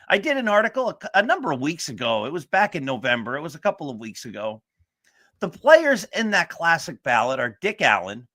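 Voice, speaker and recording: A man's voice: a little high, a bit bright. A man hosting a sports talk show, speaking in an earnest, emphatic way. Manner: earnest, emphatic motivational delivery. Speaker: show host.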